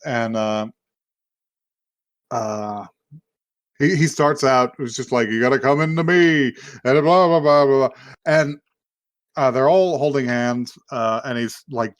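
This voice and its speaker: A man's voice: medium pitch, no echo, clean studio sound. A man casually recapping an anime episode on a podcast, laughing often as he retells scenes. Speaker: podcast co-host.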